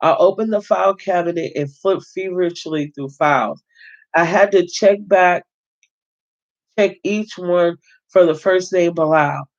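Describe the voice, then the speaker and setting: A man reading a novel aloud as host, steady but with occasional stumbles and self-corrections. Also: sits high, measured pace, lo-fi sound.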